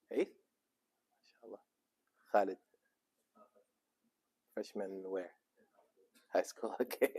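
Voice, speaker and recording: A middle-aged sheikh with a medium-pitched, slightly mellow voice jokes around and chats casually with teenagers in a mosque youth program. His manner is easygoing and playful.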